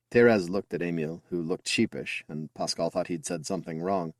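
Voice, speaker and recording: A man's voice: sits low, a little fast, no echo, clean studio sound. A man reading a science fiction story aloud as an audiobook narrator, telling it expressively. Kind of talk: scripted narration.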